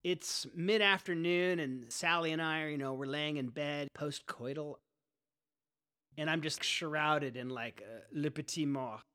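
Young male storyteller, bright and slightly high, relaxed and slangy. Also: unhurried, clear, resonant tone. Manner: laid-back, slangy, wry. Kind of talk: first-person storytelling monologue.

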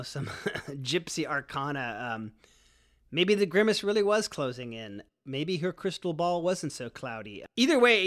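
A man's voice: mid-range voice, a bit bright. A young man telling a personal story in a laid-back, slangy, wry way. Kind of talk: first-person storytelling monologue.

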